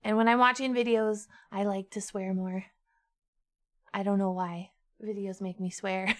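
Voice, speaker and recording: A woman streamer chatting casually with her chat, dramatic and quick to swear. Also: medium pitch, level tone.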